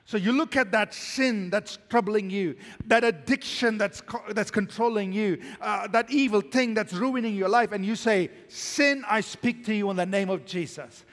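A male pastor preaching a sermon, swinging from emphatic, loud declarations to hushed, quiet lines. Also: high-pitched, long reverb tail.

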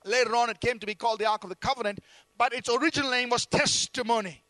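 A man's voice: extremely high pitch, fairly even intonation, fast talker, pushed and bright, dry recording. A man preaching a sermon, speaking emphatically and calling on the congregation to respond.

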